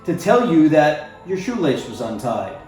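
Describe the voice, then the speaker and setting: A man reading aloud and voicing a sinister, grinning male neighbor who makes monsters, in a low, sly, drawn-out way. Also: big pitch swings. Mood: teasing. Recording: very echoey room, faint music.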